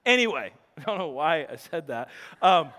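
A man in his thirties preaching a sermon, telling stories with quick laughing asides and restarts. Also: fairly high pitch, long reverb tail. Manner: animated storytelling, self-interrupting, laughing asides. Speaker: pastor.

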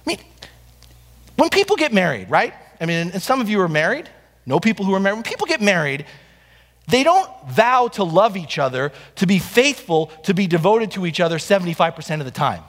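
High-voiced pastor preaching in a reverberant hall. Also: male voice, very animated, fairly quick, a bit bright. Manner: preaching with rhetorical questions and repetition. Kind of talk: sermon. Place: church sanctuary.

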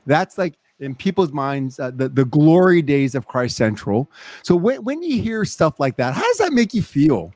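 A man hosting a podcast as a pastor, speaking in an even, steady way and asking thoughtful questions. His voice is recorded close and dry, with no room sound. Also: fairly high pitch, moderate pace, no echo. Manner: steady, asks reflective questions. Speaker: host pastor. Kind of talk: casual podcast chat.

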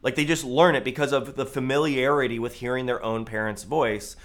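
A male pastor preaching a sermon in a conversational way, with loud emphatic peaks and quiet, low asides. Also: fairly even intonation, a little fast.

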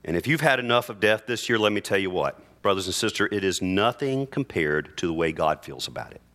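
A male pastor preaching earnestly in church, reading scripture aloud with slow, emphatic phrases. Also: deep voice, animated, a bit bright. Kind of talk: sermon.

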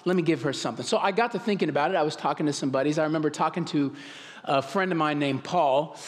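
A man's voice: a little high, quick pace. A pastor telling a humorous personal story in a casual sermon, often restarting his sentences. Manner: conversational, humorous, self-interrupting. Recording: long hall reverb.

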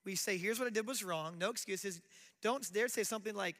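A man's voice: high-pitched, expressive, quick pace, fairly bright tone, big-room sound. A middle-aged man preaching a sermon as pastor, conversational, often acting out quoted apologies.

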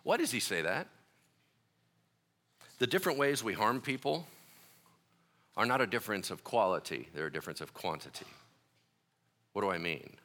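A man preaching a sermon, an animated and joking storyteller who acts out little voices in his asides. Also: on the low side, normal speed, pauses often. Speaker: pastor.

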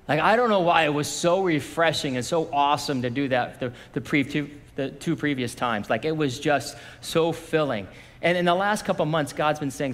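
A man's voice: on the high side, normal speed, a bit bright. A man preaching a sermon as pastor, talking conversationally and acting out what God and others say. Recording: long hall reverb.

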